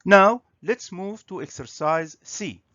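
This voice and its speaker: A man teaching a grammar and pronunciation lesson on video, speaking slowly and clearly. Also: high-pitched, sharp tone, no room sound. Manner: slow, clear, instructive. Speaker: English teacher. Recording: dry, slightly dull recording.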